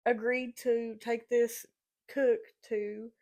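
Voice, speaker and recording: Bubbly high-voiced woman telling stories. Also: level tone, takes it slowly, a little mellow. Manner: chatty, laughs often, acts out voices in her stories. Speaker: podcast co-host. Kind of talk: casual storytelling chat.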